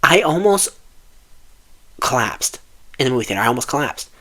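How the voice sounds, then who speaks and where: Man, mid-pitch, swearing film reviewer in full rant; exasperated, restarts often. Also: big pitch swings, moderate pace, fairly bright tone.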